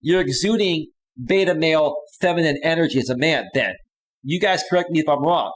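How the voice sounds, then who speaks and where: A man's voice: a little high, fairly quick. A man coaching on dating, talking casually on a live stream as he reads out chat comments and reacts to them, often tagging "right?" onto his points. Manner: emphatic, repeats "right?" often.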